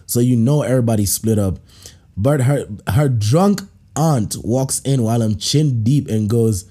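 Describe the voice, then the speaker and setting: A man hosting a podcast, reading out listener stories and reacting with animated laughter and playful put-on voices. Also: medium pitch, measured pace. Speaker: podcast host.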